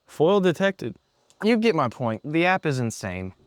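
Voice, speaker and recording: A man presenting an app in a product demo, talking excitedly and a bit sarcastically in an indoor room. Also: on the high side, measured pace, no room sound, clean studio sound.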